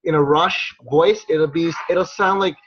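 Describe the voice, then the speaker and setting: A man chiming in during an event briefing, starting haltingly and repeating words as he finds them. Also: on the high side, noisy background. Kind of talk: casual chat. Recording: dull, muffled sound.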